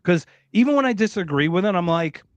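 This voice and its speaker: A man co-hosting a podcast in casual chat, excitable and sarcastic, swearing often. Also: high voice, quick pace, no echo. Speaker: podcast co-host.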